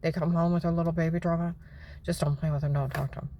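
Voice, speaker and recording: A woman's voice: low voice, flat delivery, quick pace, mellow, a little hiss or hum. A woman in a rambling, indignant personal monologue who often drops to a whisper. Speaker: vlogger.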